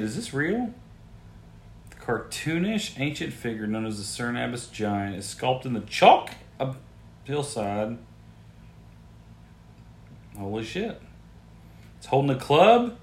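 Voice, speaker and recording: A man hosting a podcast and riffing crudely on odd news stories, incredulous and swearing freely. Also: mid-range voice. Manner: crude, incredulous, animated outbursts. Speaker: podcast host. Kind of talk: profane comedic news riffing. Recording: roomy echo.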